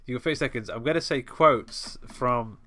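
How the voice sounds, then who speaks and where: A man's voice: medium pitch, normal speed, bright, forceful tone. A man co-hosting a podcast in casual chat, joking, laughing often and running a quiz. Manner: jokey, laughs often, wordplay. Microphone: headphones, home mic.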